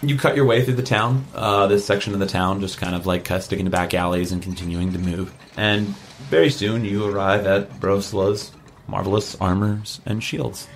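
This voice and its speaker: A man acting as game master, narrating and explaining a tabletop game in a relaxed way full of fillers. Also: fairly low pitch, normal speed, a little hiss or hum.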